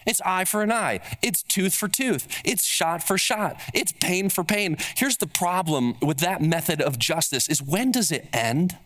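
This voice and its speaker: A man's voice: high voice, animated, moderate pace, fairly bright tone. A man preaching a sermon as pastor, emphatic and building on repeated rhetorical questions.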